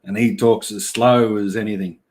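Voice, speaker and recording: A man's voice: fairly low pitch, steady tone, normal speed, a little mellow. A middle-aged Australian man hosting a casual livestream, reading chat and yarning in a laid-back way with blokey slang and frequent laughs.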